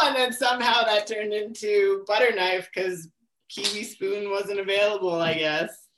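A woman guest on a podcast, answering casually with frequent fillers and pauses. Her voice has a middle pitch for a woman and carries the ring of an echoey room. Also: fairly even intonation, noisy background. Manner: hesitant, lots of fillers. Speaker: podcast guest, strength athlete.

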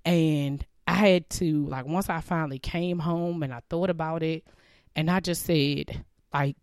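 A woman's voice: sits low, steady tone, measured pace, a little mellow, no echo, studio quality. A woman hosting a personal faith podcast, talking candidly with many fillers and getting teary. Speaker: podcast host. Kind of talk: casual personal faith talk.

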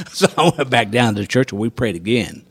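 Animated folksy man telling a testimony. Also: medium pitch, moderate pace, slightly rough, dry recording. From rural farming background. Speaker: guest sharing testimony. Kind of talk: storytelling testimony.

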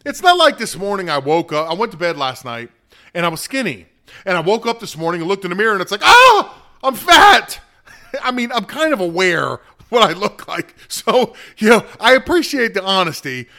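A man's voice: high voice, very animated, a little fast, pushed and bright. A man hosting a casual spoken monologue, rambling and self-deprecating, laughing easily as he talks. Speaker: show host.

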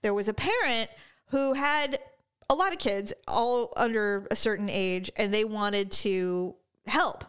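A middle-aged woman from California tells a story in relaxed conversation. Her voice sits at an ordinary middle pitch, and she swears freely as she talks. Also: a little slow, clean tone. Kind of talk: casual chat.

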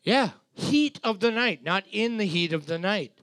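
A man's voice: high-pitched, lively intonation, normal speed, a bit bright, smooth, no echo. A man co-hosting a bar trivia night, reading out scores and joking crudely with lots of swearing. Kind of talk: casual banter while scoring a music quiz.

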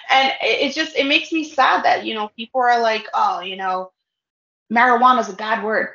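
A woman guest talking casually about her work as a cannabis educator, animated, laughing often and acting out dialogue. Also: on the high side, normal speed. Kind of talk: casual interview chat. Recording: dull lo-fi audio in an echoey room.

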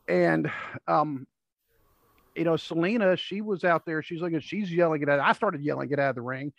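A podcast host with a fairly high, creaky voice rambles through stories at normal speed during a casual chat, acting out what people said. The audio is dull, dry and lo-fi with no echo.

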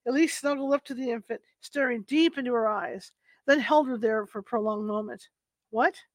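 A woman narrating an audiobook in a steady reading voice, with occasional slips and restarts. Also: a little high, fairly quick, no room sound.

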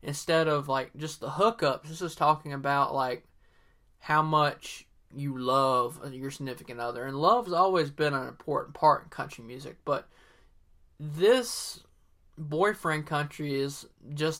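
Bright-voiced rambling Southern man. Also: fairly high pitch, measured pace. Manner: rambling, filler-heavy, opinionated. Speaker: podcast host. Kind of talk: casual solo podcast talk.

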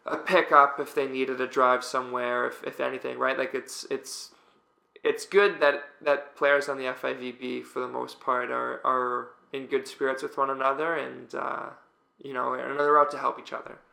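A young Canadian pro volleyball player, appearing as a guest, tells stories casually, full of rambling fillers and restarts. His mid-range voice is gravelly, bright and forceful, with a flat delivery at a normal speed. The recording has a roomy echo.

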